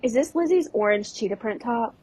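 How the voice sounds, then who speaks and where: A young adult woman co-hosting a podcast, recapping scenes in casual chat and dropping into quick voice impressions with laughs. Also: fairly high pitch, lively intonation, darkish tone, husky, rough recording. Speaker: podcast co-host.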